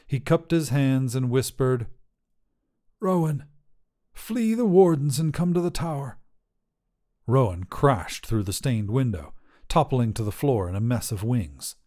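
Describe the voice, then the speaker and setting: Brief: man reading a fantasy story aloud, even and dry, warm tone. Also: fairly low pitch. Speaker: narrator. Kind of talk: audiobook story narration.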